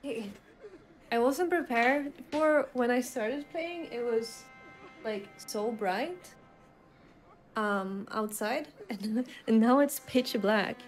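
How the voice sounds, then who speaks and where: A woman's voice: a little high, slow pace. A woman streamer giving casual gameplay commentary, chatty and giggly, reacting aloud to what happens on screen. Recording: game music behind voice. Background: game music.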